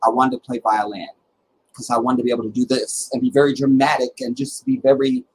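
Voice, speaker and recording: Animated middle-aged man telling stories. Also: mid-range voice, a little hiss or hum, low-quality recording. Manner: animated and dramatic, with halting restarts. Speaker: livestream host. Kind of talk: casual personal storytelling.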